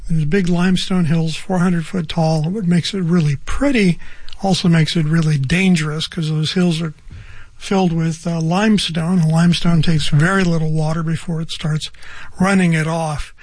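Halting older male radio reporter. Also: fairly high pitch, steady tone, darkish tone, no echo. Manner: halting, reflective, many fillers. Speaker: arts and culture reporter. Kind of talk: casual studio interview.

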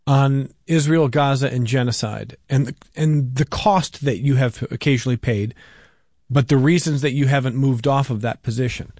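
A man's voice: mid-range voice, darkish tone, no room sound, studio quality. A man hosting a radio call-in show, reading listener emails aloud in a conversational way. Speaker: radio talk show host.

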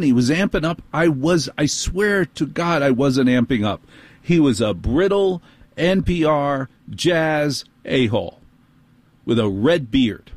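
A man's voice: on the high side, dry recording. Exasperated middle-aged New man ranting. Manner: exasperated, fast, animated storytelling. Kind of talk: comic storytelling rant.

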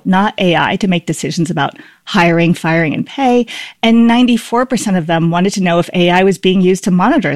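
A woman reporter talks a host through her story in an easy, explanatory way. Her voice sits at an ordinary pitch. The studio is dry and close. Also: a little mellow, no echo. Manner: explanatory, conversational. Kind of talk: reporter's two-way conversation.

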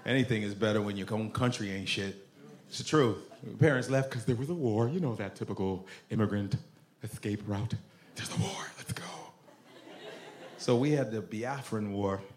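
A man's voice: on the low side, moderate pace. A man from the United States doing crude stand-up comedy, laughing through his lines. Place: comedy club. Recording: echoey club with crowd laughter and noise.

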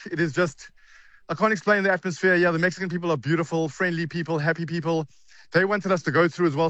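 A fast-talking South African man with a raised voice, gushing and breathless. He sounds out of breath and talks over himself. The line is dry, with no room around it. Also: on the high side, fairly bright tone, no echo. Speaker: guest. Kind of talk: excited phone-in interview. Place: outside stadium at night.

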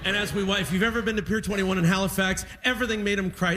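A man doing animated stand-up storytelling, laughing at his own stories. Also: high voice, quick pace, few pauses, faint music behind. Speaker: stand-up comedian. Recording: noisy recording.

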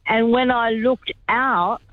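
A woman's voice: on the high side, steady tone, slow pace, no echo. An older woman calls in to a radio show and tells a long story in a rambling, chatty way, with many asides. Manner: rambling, chatty, lots of "you know". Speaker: caller. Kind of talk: phone-in storytelling. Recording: tinny phone line.

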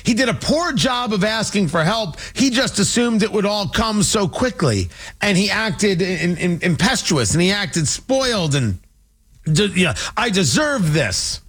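A man delivering an opinionated political monologue, sarcastic and animated, slipping into mocking voices. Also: high-pitched, unhurried, breathy edge. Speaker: political commentator.

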